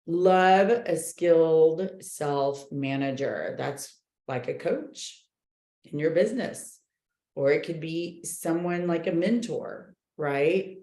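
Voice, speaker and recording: A woman coaching a book club group, talking in an animated, chatty way with many fillers. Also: sits low, takes it slowly, roomy sound. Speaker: real estate coach leading a book club. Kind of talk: casual group talk, reading and commenting.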